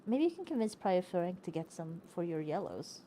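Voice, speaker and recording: A woman's voice: fairly low pitch, big pitch swings, normal speed, background noise. A woman voicing a friendly, gossiping nun while reading game dialogue aloud. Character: friendly round nun who gossips about the convent.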